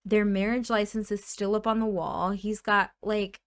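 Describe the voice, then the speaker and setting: A woman's voice: medium pitch, flat delivery, normal speed, hardly any pauses, smooth, no room sound. A woman hosting a let's play, narrating her game in a chatty way with dramatic exclamations. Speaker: gaming channel host.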